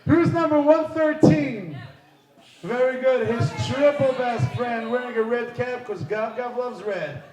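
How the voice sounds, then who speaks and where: High-voiced man emceeing a party quiz. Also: a little slow. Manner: energetic, playful, shouts countdowns to the crowd. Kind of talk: lively live event hosting. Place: large indoor party hall. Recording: echoey hall with music and crowd.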